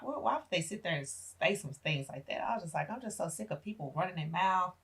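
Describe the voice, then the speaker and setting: Low husky woman telling her story. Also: fast talker, few pauses. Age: middle-aged. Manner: animated retelling, acting out family members' voices. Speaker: podcast guest. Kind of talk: emotional personal storytelling.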